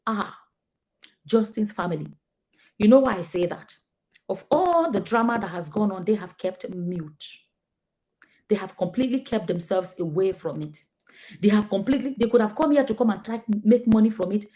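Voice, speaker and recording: A woman's voice: medium pitch, animated, moderate pace, mellow. A woman with a Nigerian accent giving casual, emphatic commentary to her viewers, acting out the people she quotes. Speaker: vlogger.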